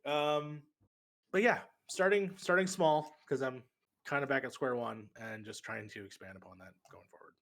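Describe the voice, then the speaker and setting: Male guest, gravelly, rambling casual chat. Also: medium pitch, normal speed, fairly bright tone. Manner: rambling, self-correcting. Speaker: podcast guest.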